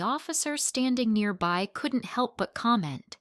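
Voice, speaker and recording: A woman narrating a story in an even, scripted storytelling manner. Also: fairly low pitch, measured pace, no room sound, clean studio sound.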